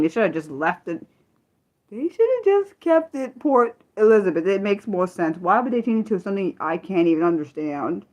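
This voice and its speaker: A woman's voice: lowish voice, lo-fi sound. Chatty, apologetic woman streamer. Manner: chatty, apologetic, laughs often; talks straight to chat viewers by name. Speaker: livestream host. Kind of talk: casual livestream chat.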